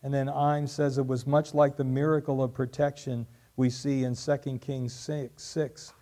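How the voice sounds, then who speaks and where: Man, pastor, sermon, mid-pitched voice, swells loud then drops quiet. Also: flat delivery, normal speed. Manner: builds to loud emphatic peaks while reading aloud; drops to quiet, soft closing lines.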